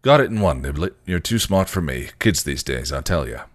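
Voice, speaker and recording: A man's voice: lively intonation, brisk, dry recording. A man playing a wry, teasing vampire. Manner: dry teasing drawl, dips low and gruff. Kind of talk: reading a story aloud, voicing characters.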